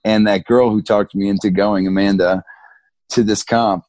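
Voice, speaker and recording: A man in his thirties, a big mountain skier guest, telling stories in a relaxed, slangy way, laughing often and acting out what people said. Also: on the low side, moderate pace, no echo. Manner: laid-back, slangy, laughs often, acts out quotes. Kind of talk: casual storytelling interview.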